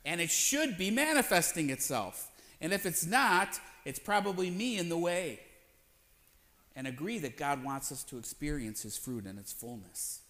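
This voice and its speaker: A man with a high-pitched voice preaches in a church. He speaks conversationally, throwing questions to the congregation and acting out short voices in quotes. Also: very animated, normal speed, sharp tone. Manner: acts out voices in quotes, playful asides. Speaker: pastor. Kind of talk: sermon.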